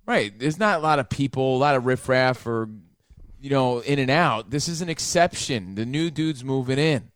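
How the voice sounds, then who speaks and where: A man's voice: medium pitch, moderate pace, smooth, no room sound. A man telling a story in casual, profane banter, mimicking the people in it.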